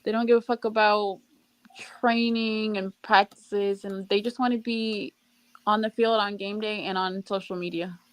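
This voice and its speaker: A woman's voice: medium pitch, fairly even intonation, unhurried, no echo. A woman chatting casually on a late-night show, blunt and gossipy with plenty of swearing.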